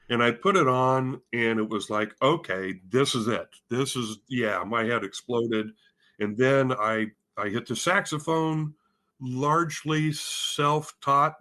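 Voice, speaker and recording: A man's voice: mid-range voice, a bit bright. A man from Spokane, Washington, a head of bands, telling his story in a casual interview, rambling and self-deprecating, with many fillers and restarts. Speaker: guest, head of bands at a music school.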